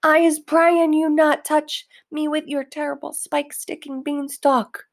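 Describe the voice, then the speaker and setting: A woman voicing a huge male giant thrashing in a nightmare, wailing and begging in a high shrieking voice. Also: level tone, unhurried, creaky. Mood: terrified.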